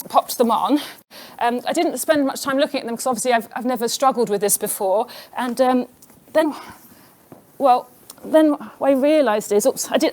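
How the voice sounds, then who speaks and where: A middle-aged woman hosting an awards show with a chatty, self-deprecating stand-up routine full of ums. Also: high-pitched.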